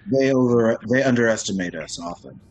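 A man's voice: medium pitch, animated, a little fast, dull audio. A man taking part as a player in a casual tabletop game, playful in manner.

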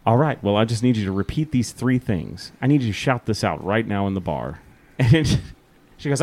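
A man's voice: mid-range voice, normal speed. A man co-hosting a casual podcast, telling a story with lots of swearing, laughter and acted-out quotes. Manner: animated, acts out quotes, swears, laughs often. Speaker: podcast co-host.

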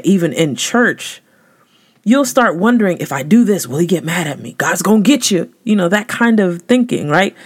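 Emphatic woman host giving a devotional talk. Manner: emphatic, conversational, slangy, with sudden rises in pitch. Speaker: podcast host.

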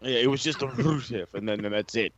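A man's voice: fairly low pitch, very fast, dry recording, highs cut off. A man co-hosting a wrestling podcast in casual chat, ranting with lots of swearing. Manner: profane, animated ranting.

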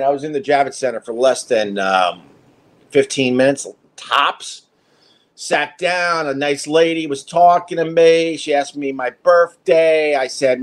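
A man in his fifties, host of a livestream, telling a story in a rambling, self-mocking way, with lots of fillers and swearing. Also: mid-range voice.

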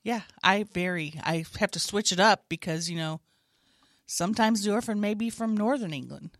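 A woman improv comedian in casual, jokey comedy banter with an animated delivery. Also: medium pitch, normal speed, no echo, clean studio sound. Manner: animated, jokey, slips into character voices.

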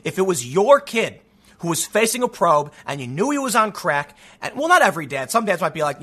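A man from the US Midwest delivers a heated, sarcastic political monologue in a high, bright voice with a husky edge. He stumbles and restarts as he reads out news excerpts. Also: very animated, a little fast. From Chicago, US. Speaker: political commentator.

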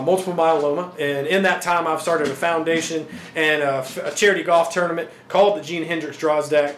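A man hosting a casual sports podcast interview, talkative and agreeable, filling his speech with "you know". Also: sits high. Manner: talkative, agreeable, frequent fillers. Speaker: podcast host. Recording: echoey room with faint background noise.

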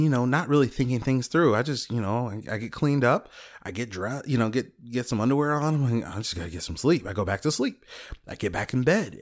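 A man, a high school teacher, telling a personal story in a casual, animated way, laughing often and acting out what people said.

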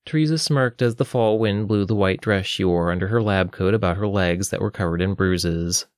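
A man narrating an audiobook in a steady, even storytelling manner. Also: deep voice, moderate pace, no echo, clean studio sound.

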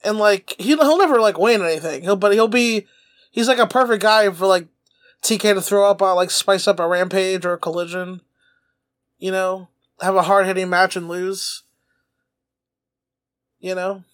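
High-voiced rambling man. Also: moderate pace, fairly bright tone. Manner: rambling, filler-heavy, laughs often. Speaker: podcast co-host. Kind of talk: casual chat.

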